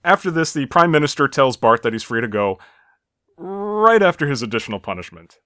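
A man's voice: on the high side, very animated, fairly quick, pushed and bright, no echo, studio quality. A man hosting a casual podcast, narrating an episode's plot step by step and chuckling at the gags. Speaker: podcast host. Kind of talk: casual episode recap chat.

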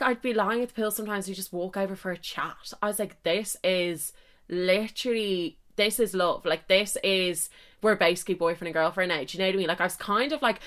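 A young adult woman, telling a story as a podcast host in a gushing, animated way, full of "like" and "so anyway". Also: mid-range voice. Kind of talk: casual storytelling.

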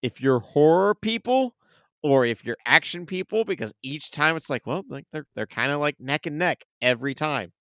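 A man co-hosting a podcast, relaxed and self-deprecating in casual chat. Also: a little high, normal speed, no room sound, clean studio sound. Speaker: podcast co-host.

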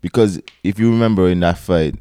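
A man with a very low, warm voice gives his strong opinions emphatically. His tone is smooth and resonant, and the recording is dry and close. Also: fairly quick, no echo. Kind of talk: casual podcast chat.

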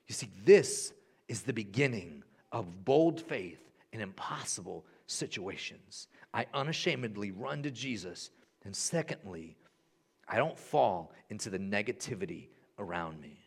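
A young man preaching a sermon in a church, animated, swinging from hushed to loud and repeating phrases for emphasis. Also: fairly low pitch, measured pace, breathy edge. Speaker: pastor.

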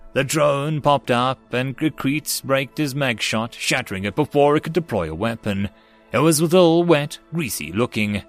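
Guy reading a sci-fi web novel audiobook, steady mid voice, bit of music in the back. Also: medium pitch. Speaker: audiobook narrator. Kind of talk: audiobook narration.

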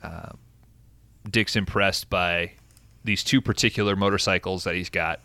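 A man with a fairly low but bright, forceful voice, chatting casually and swearing freely as he recaps a film. The sound is dry and close, and his delivery is loose, with plenty of "uh" and "like.". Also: steady tone, measured pace, no echo. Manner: laid-back, swears often, frequent fillers. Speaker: podcast host recapping a film. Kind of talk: casual profane chat.

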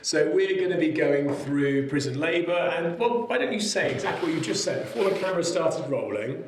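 A man hosting a casual podcast chat, jokey and quick to interject, often stumbling and restarting his sentences. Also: a little high, lively intonation, a little hiss or hum. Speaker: podcast host. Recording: echoey room.

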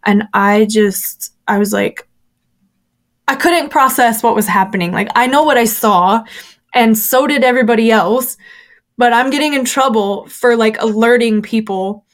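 A woman's voice: fairly high pitch, unhurried. A woman, a former church member, candidly recounting her experiences in a casual interview, with chatty fillers and quoted voices.

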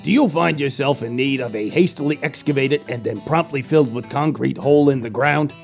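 Man doing a shady excavation ad owner, loud, pushy sales pitch, faint music. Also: a little fast, vocal fry, close to an everyday voice. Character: shady male excavation company owner in a fake ad.

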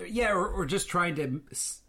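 A man co-hosting a casual chat about a TV series, relaxed and hesitant with many fillers. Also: high voice, normal speed, husky. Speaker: podcast co-host.

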